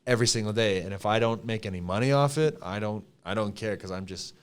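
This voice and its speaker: A young man with a Canadian accent, a podcast guest telling stories in a casual, emotional, animated way with many fillers. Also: fairly low pitch, fast talker, clear, resonant tone. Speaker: podcast guest, clothing company co-founder.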